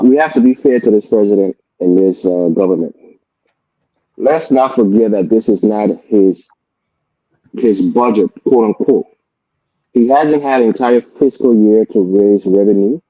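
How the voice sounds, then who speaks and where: Male panelist, calm, dark mellow voice, lo-fi dry feed. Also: lowish voice, unhurried, no room sound. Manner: calm, reasoning, many "you know"s. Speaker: debate panelist. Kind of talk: panel debate.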